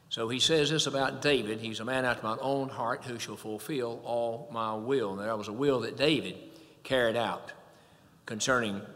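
A man preaching a sermon in a measured, deliberate way, slowing down to quote scripture. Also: mid-range voice, sharp tone. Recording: long hall reverb.

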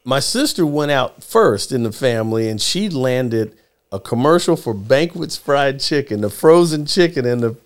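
Middle-aged man, animated storyteller, lively pitch, does voices for the people in his story. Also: moderate pace. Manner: animated storyteller acting out quotes in shifting voices. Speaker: guest, former child actor. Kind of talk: storytelling in casual chat.

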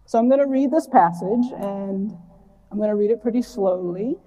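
A woman preacher giving a reflective, earnest sermon and reading scripture slowly and deliberately. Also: mid-range voice, warm tone. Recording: long hall reverb.

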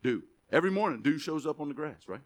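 A man preaching a sermon as pastor, reading verses slowly with emphasis, then dropping into quick asides to the church. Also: on the high side. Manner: animated, stretches scripture words for emphasis, drops to asides.

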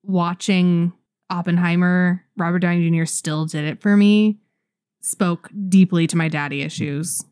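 A woman's voice: fairly low pitch, fairly even intonation, measured pace, darkish tone, smooth, no echo, clean studio sound. A woman in her thirties co-hosting a casual podcast, talking frankly and animatedly with some swearing. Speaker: podcast co-host. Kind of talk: casual chat.

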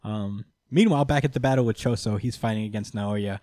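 A man's voice: fairly low pitch, brisk, dry recording. A man casually recapping a manga chapter for friends, acting out the characters' lines and swearing freely. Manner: animated storytelling, acts out characters' lines, swears. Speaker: podcast host recapping manga. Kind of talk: casual chat.

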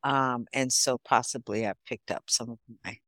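Low-voiced woman from Chicago, chatting. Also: normal speed, no room sound. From Chicago, USA. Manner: storytelling, animated, laughs often. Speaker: podcast guest, therapist. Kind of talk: casual interview chat.

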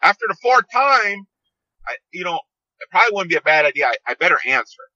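On a casual storytelling podcast interview, a fifties-aged seed company owner phones in and rambles, repeating and restarting lines as he goes. He talks fast and very animatedly, his voice sitting high with a bright, forceful tone. Dull, dry phone-call audio carries it.

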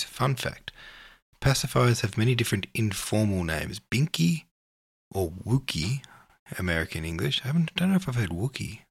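A man's voice: on the low side, vocal fry, fairly bright tone, slightly rough, no room sound. An Australian man with an Australian accent, a podcast host rambling casually and reading listener comments aloud. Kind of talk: casual chat.

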